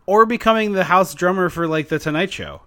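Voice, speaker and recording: A man co-hosting a podcast in casual chat, chatty and quick to laugh as he retells things. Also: sits high, bright, forceful tone. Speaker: podcast co-host.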